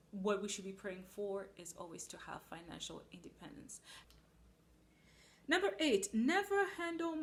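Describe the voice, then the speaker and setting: Earnest woman preaching a sermon. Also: mid-range voice. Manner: earnest, emphatic, with acted-out asides.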